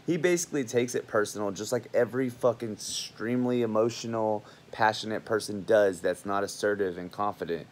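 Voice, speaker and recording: A man's voice: lowish voice, brisk, few pauses. A man in his twenties, a college student, talking straight to camera in a heated, rambling, profane monologue. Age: 20s.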